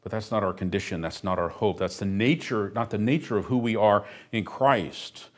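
A man's voice: on the low side, moderate pace. A middle-aged man preaching a sermon as pastor, emphatic and earnest, with dry humorous asides.

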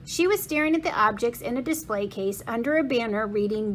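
Lady reading a kids' book out loud, higher voice, steady and clear, trips on a word now and then. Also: brisk, a little hiss or hum. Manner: clear, steady storytelling with small slips and restarts. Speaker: school principal reading aloud. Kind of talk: reading a children's novel aloud.

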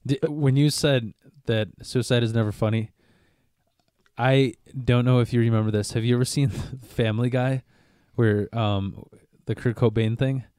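A man's voice: medium pitch, fairly even intonation, normal speed, a little mellow, dry recording, clean studio sound. Crude, laughing man on a podcast. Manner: crude, laughs at his own stories. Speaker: podcast co-host. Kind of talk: casual podcast chat.

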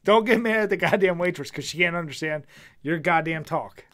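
A man's voice: a little high, a little fast, fairly bright tone. A young man with a Philadelphia accent co-hosting a podcast, talking casually, teasing his friend with profanity and frequent laughter. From Philadelphia, USA. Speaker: podcast co-host. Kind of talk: casual chat.

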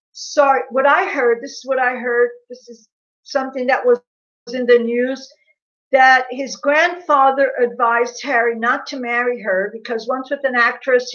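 A woman's voice: sits high, fairly bright tone. Gossipy woman on a lo-fi livestream. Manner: gossipy, laughing, reads viewer comments aloud. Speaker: livestream host. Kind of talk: casual livestream chat. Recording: dull lo-fi livestream audio.

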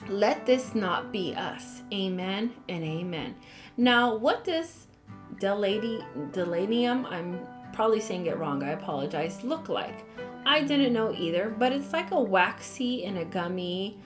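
A woman leads a relaxed Bible study at a medium pitch, reading verses and breaking off into chatty, apologetic asides. Quiet music plays faintly beneath her voice. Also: a little slow. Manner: chatty, apologetic asides, reads scripture aloud. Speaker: Bible teacher. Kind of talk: casual Bible study talk.

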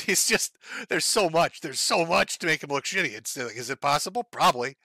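Profane, sarcastic male streamer with a bright voice. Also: on the high side, animated, fairly quick, dry recording. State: sore, says his throat gives out. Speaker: live stream host. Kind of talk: ranting live stream commentary.

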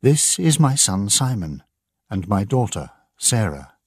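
A man voicing a frightened young mother in an audiobook, with a shrill, pleading voice. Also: very animated, a little slow, darkish tone, husky, dry recording, studio quality, exaggerated voice. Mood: anxious. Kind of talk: audiobook character voice.

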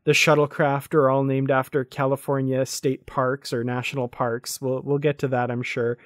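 A man with a mid-range voice talks through a review in a relaxed, thoughtful way, laughing easily. The sound is close and dry, as from a desk podcast mic. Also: medium pitch, moderate pace, dry recording. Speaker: podcast co-host. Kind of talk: casual review chat.

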